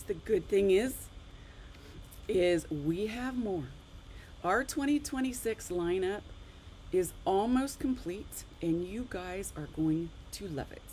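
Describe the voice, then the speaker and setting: Animated woman teaching a live craft class. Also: on the low side, unhurried, a little hiss or hum, poor audio. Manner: chatty, animated, exclamatory. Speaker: card-making instructor.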